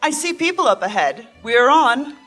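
An actress playing a dry, commanding, sarcastic mind reader in a game, with music underneath. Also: female voice, high-pitched, big pitch swings, moderate pace, a bit bright, heavily acted. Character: bossy, sharp-tongued mind reader.

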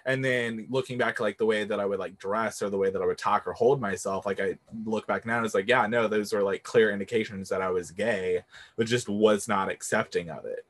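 A young man hosting a casual podcast from a bar, energetic, using lots of fillers and laughing often. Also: fairly low pitch, fairly quick. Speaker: podcast host. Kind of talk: casual chat. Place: bar he owns.

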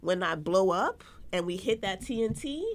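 A woman's voice: mid-range voice, animated, moderate pace. A woman co-hosting a podcast in casual chat, candid and emphatic, often restarting her sentences. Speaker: podcast co-host.

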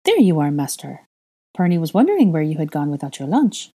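A woman's voice: deep voice, wildly swooping pitch, brisk, mellow, slightly rough, full character voice. Tiny servile house-elf, she, eager to please, storybook creature, done by a woman narrator. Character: small, eager female house-elf servant.

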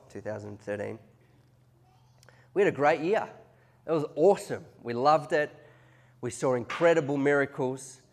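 A man preaching a conversational sermon that rises into loud, excited peaks. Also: lowish voice. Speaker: pastor.

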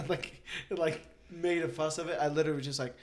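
Animated, laughing young podcast host. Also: male voice, on the high side, fairly quick, over a noisy crowd. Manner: laughing, animated storyteller who acts out voices. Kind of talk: casual chat.

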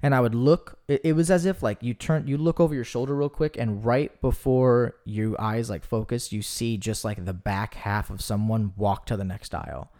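A young man telling stories in a casual podcast chat, talking in a rambling, animated way with lots of fillers. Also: mid-range voice, moderate pace, few pauses. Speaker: podcast guest.

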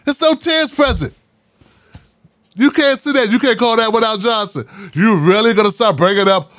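A man with a high voice talks straight to his audience in a loose, sarcastic monologue, full of slang and mocking asides. His voice is close and dry, with no room around it. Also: moderate pace, fairly bright tone, dry recording. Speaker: political commentary host. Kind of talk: casual commentary monologue.

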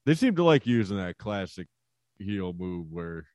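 A man co-hosting a casual podcast chat, relaxed and rambling with lots of fillers. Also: deep voice, a little slow, dry recording, lo-fi sound. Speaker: podcast co-host. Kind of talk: casual wrestling review chat.

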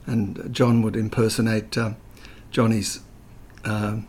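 A man's voice: lowish voice, little pitch movement, slow, a little mellow, slight background noise. An older man, talking as an interview guest, telling chatty anecdotes full of fillers. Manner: chatty storyteller, hesitant with fillers, slips into voices.

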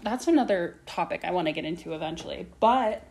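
A woman's voice: fairly low pitch, expressive, quick pace, vocal fry, a little mellow, slight background noise. A young woman hosting her own podcast, rambling casually from topic to topic and swearing a lot. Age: young adult. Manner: chatty, swears a lot, jumps between topics. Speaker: podcast host.

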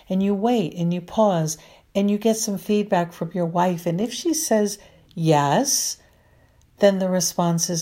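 A woman's voice: mid-range voice, dark tone. A middle-aged woman marriage counselor giving earnest, repetitive advice to listeners. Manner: earnest, repetitive, slow and deliberate.

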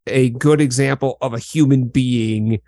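Calm, measured middle-aged male host. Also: medium pitch, no echo. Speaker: podcast host. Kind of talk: reflective interview conversation.

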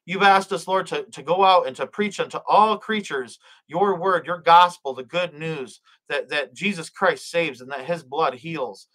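Livestream preacher, male, bright forceful voice, fervent and repetitive, stumbles over words. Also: fairly high pitch, measured pace, hardly any pauses, rough recording. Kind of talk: live-streamed prayer and preaching.

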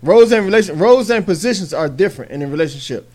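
A man's voice: high voice, animated, dark tone. A man hosting a radio talk show and moderating the discussion, often repeating his words. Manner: quick, repetitive, moderating.

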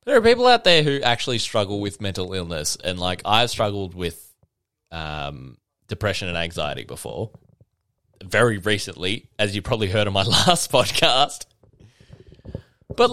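A man's voice: on the low side, sharp tone, dry recording. A man hosting a casual solo podcast, ranting with swearing and mocking impressions, a bit tipsy. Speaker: podcast host.

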